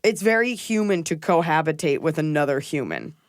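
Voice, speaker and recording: A woman hosting a podcast, chatting casually and joking in an animated, playful way. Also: low-pitched, brisk, no room sound, studio quality. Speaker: podcast host. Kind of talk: casual comedic chat.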